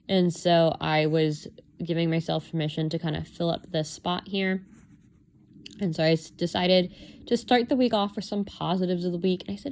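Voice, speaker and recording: A young woman chats casually as she pages through her journal, with a voice that sits a little low for a woman. She rambles and pokes fun at herself. She jumps higher in pitch when she acts out her own thoughts. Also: darkish tone. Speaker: vlogger.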